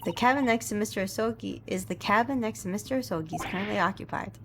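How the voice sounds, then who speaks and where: A woman's voice: medium pitch, quick pace, lightly acted. A woman voicing a polite, earnest young male lawyer asking careful questions, over background noise.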